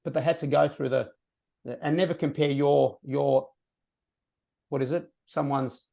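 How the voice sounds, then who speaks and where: A man's voice: on the high side, steady tone, moderate pace, vocal fry, dark tone. A man talking passionately and emphatically on a team training call, sharing prospecting tips.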